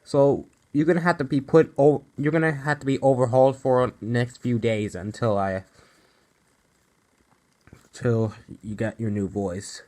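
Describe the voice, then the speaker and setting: A man's voice: medium pitch, fairly even intonation, measured pace, mellow, lightly acted. A man voicing a stern male railway boss who hedges with many ums and wells, over background music. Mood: firm. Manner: hesitant, full of ums and wells.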